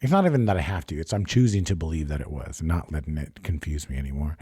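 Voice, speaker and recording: A man's voice: extremely low pitch, expressive, fast talker, dark tone, slightly rough, no echo, clean studio sound. A young man hosting a solo podcast, telling a personal story in a rambling, profane, confessional way. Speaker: podcast host. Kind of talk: casual solo podcast monologue.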